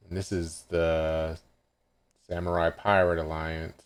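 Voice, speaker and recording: Male reaction host, deep and slow, casual and hesitant chapter recap with frequent self-corrections. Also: completely flat delivery, clear, resonant tone.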